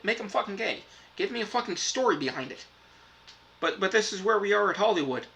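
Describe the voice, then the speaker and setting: A man's voice: high-pitched, pushed and bright, slight background noise, rough recording. A man reviewing streaming services in a frustrated, profane rant, swearing constantly.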